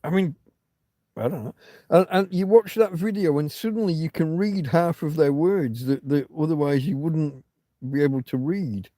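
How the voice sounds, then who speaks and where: A man's voice: on the high side, normal speed, warm tone, dry recording, studio quality. A middle-aged man hosting a livestream, talking in a loose, rambling way, often breaking off and restarting, with casual swearing. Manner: chatty, self-interrupting, swears casually. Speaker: livestream host.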